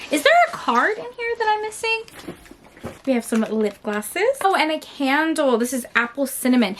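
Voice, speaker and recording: Against a noisy background, a woman with a high voice hosts her book channel in a casual unboxing vlog. She gushes with enthusiasm and keeps repeating her phrases.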